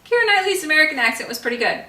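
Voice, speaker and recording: A woman's voice: sits high, big pitch swings, rapid-fire, pushed and bright. A woman co-hosting a podcast, chatting casually about a movie. She laughs often and defends the film. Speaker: podcast co-host. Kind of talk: casual chat reviewing a movie. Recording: echoey room, mic set far off.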